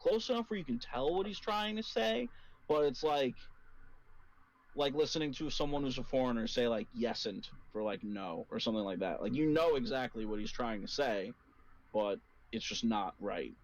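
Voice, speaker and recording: A man's voice: mid-range voice, animated, moderate pace, low-quality recording. A young man narrating a tabletop game as game master, in a casual, rambling way full of fillers.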